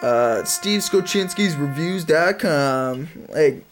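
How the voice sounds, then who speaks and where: A man co-hosting a podcast in loose, joking casual chat, now and then breaking into loud, drawn-out sports-fan chants. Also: on the high side, animated, soft background music. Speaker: podcast co-host.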